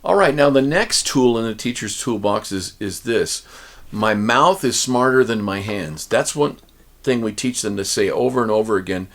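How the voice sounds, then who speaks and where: A man's voice: medium pitch, gravelly, fairly bright tone. A man teaching ukulele to other teachers, telling folksy classroom stories, acting out the children's replies and counting strum rhythms aloud.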